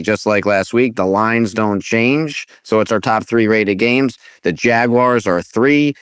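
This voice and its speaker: Low-voiced man hosting with dry wit. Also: fairly bright tone, clear, resonant tone, no echo. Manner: wry, dry humor while reading stats. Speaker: podcast host. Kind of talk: casual podcast segment hosting.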